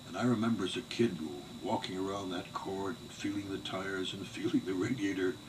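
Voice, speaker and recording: An older man giving an oral history interview, telling family memories in a measured, digressive way. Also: low voice. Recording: distant mic with faint background noise.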